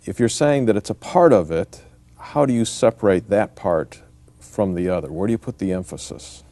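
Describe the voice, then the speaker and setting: A man's voice: fairly low pitch, animated, moderate pace, dark tone, no room sound. A middle-aged man hosting an interview, probing his guest with long, set-up questions. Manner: probing, sets up questions at length. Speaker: interviewer host.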